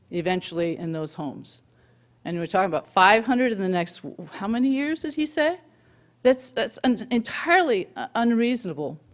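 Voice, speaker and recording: A woman who owns a local business gives an emotional public comment at a board meeting. She speaks haltingly, with many restarts. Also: medium pitch.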